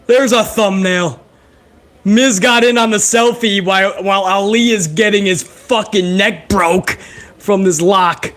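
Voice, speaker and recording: Excitable, cursing high-voiced man reacting live. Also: measured pace. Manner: profane, excitable play-by-play with mocking voices. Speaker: livestream wrestling reactor. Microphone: headset.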